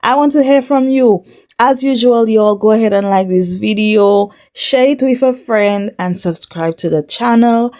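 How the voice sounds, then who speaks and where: A woman's voice: a little high, measured pace, a little mellow. A woman hosting a reality TV recap vlog, chatty and sassy, talking straight to her viewers and scolding the cast. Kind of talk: casual recap commentary to camera.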